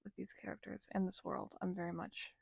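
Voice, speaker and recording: A woman's voice: medium pitch, little pitch movement, fairly quick, creaky, a little mellow, slightly rough, dry recording, studio quality. Chatty young woman gushing about a book. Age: young adult. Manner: chatty, gushing, lots of fillers. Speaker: book vlogger. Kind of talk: casual reading vlog chat.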